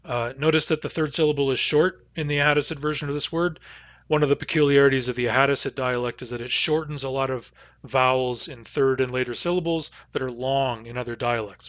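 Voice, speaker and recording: A man teaching a language lesson, saying each word slowly and carefully, then repeating it. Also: mid-range voice, fairly bright tone, no echo, dull audio. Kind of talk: vocabulary pronunciation lesson.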